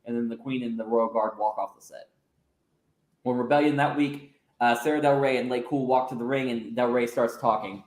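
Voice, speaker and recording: A man in a casual podcast narration, telling wrestling storylines and often pausing on filler sounds. His voice sits at a middling pitch, and the room gives it a noticeable echo. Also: steady tone, a little mellow. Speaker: podcast host. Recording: roomy echo.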